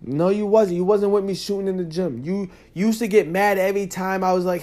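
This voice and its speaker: Young guy w/ aave talking straight at you on his podcast, kinda high voice, gets loud n heated. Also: brisk, few pauses. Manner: animated, talks straight to the listener, rising loud when worked up. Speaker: podcast host. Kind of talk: casual monologue.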